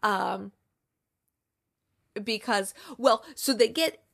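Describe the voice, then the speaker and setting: A woman's voice: a little high, very slow, gravelly, a bit bright. A woman casually recapping a holiday movie plot, acting out the lines as she goes and close to tears. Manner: chatty retelling, acts out quotes, fillers like "like". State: tearful, near crying. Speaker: podcast host reviewing movies.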